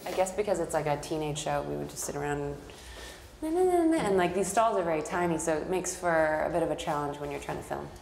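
An actress from Canada chatting casually in an interview, full of "like" fillers and self-deprecating asides. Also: female voice, low voice, steady tone, fast, creaky, hardly any pauses, slight background noise.

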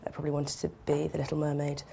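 An actress giving casual interview answers in a soft, fond, unhurried way. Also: female voice, sits low, monotone, vocal fry, slightly rough.

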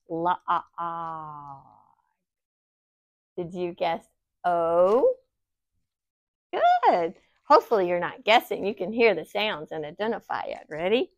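Woman, phonics teacher for kids, very slow and lively in pitch, dry close sound. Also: no room sound. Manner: slow, exaggerated sounding-out of letters; encouraging, sing-song praise. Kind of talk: children's phonics lesson.

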